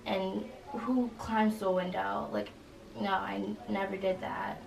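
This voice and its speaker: A young woman, a college student, recounting an incident in an interview, halting and full of fillers. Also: mid-range voice, flat delivery, gravelly. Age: young adult. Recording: roomy echo, distant mic, faint noise.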